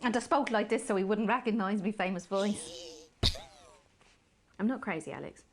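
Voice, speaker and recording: A woman playing a posh-accented female news anchor who is unhinged and obsessive, with a breathy, confessional delivery in a video game. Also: mid-range voice, normal speed, close to an everyday voice. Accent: posh English put on. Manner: breathy confessional, trailing into hushed whispers.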